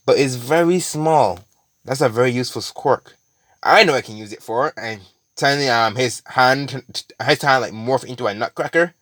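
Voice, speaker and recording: A man's voice: medium pitch, fairly bright tone, no echo, clean studio sound. Rambling man telling a fan story. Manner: rambling, profane, many fillers and restarts. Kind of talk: casual retelling of a fan story.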